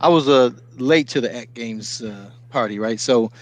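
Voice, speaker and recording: A man co-hosting a podcast in a relaxed, plain-spoken way. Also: medium pitch, normal speed, no room sound. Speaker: co-host. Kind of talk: casual chat.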